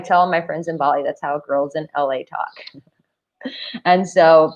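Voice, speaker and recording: A woman's voice: lowish voice, fairly even intonation, unhurried, long pauses, muffled recording. A woman dating coach giving casual, emphatic advice to camera, full of "like" fillers. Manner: chatty, emphatic, with many "like" fillers. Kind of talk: casual talking-head advice. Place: Bali.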